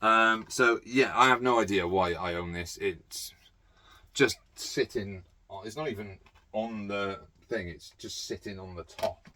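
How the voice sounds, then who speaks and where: A man's voice: fairly low pitch, a little slow, sharp tone, a little hiss or hum. A man vlogging about his movie collection in a casual, rambling way, blunt and sweary, with lots of ums and uhs. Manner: blunt, sweary, off-the-cuff with many fillers.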